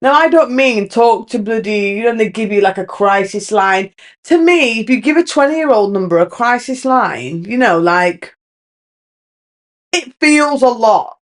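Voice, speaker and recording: A woman's voice: on the high side, lively intonation, unhurried. A young woman, hosting her own podcast, talking candidly and rambling with many restarts. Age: young adult. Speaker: podcast host. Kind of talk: casual solo chat.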